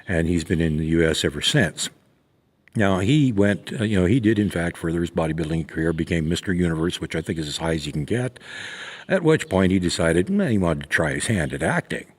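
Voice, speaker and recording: A man giving a casual spoken lesson on horse training, talking in a rambling, folksy way with plenty of fillers and restarts. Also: low-pitched. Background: horses nearby.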